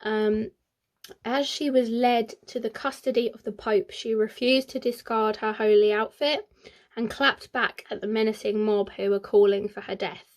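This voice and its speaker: A woman's voice: on the high side, fairly even intonation, moderate pace. A woman who hosts a history channel, telling history in a casual, chatty way with playful asides. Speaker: history YouTuber.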